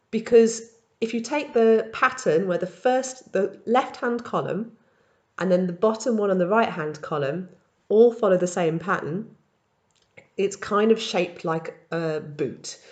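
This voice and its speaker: A woman teaching in a recorded language tutorial, explaining verb patterns step by step and modelling each form slowly. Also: lowish voice, a little mellow. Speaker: French teacher.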